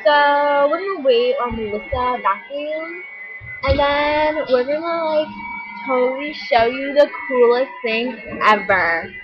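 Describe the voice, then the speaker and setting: A woman's voice: sits high, a little slow, over music. A young woman chatting casually to a webcam, giggly and full of "like". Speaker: vlogger. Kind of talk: casual chat to camera. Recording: lo-fi home webcam audio.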